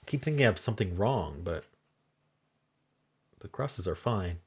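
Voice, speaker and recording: A man talks himself through a crossword in halting, muttered self-talk, often trailing into half-voiced asides. His voice sits low and a little husky. He speaks slowly and unhurriedly. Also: animated, darkish tone. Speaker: crossword solving channel host. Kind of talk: thinking aloud while solving a puzzle.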